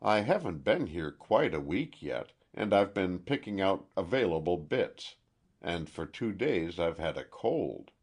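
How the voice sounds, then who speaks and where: A man voicing a frightened, secretive young woman art student in an audiobook, speaking in a halting, tremulous way. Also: sits low, big pitch swings, husky, exaggerated voice. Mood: guarded.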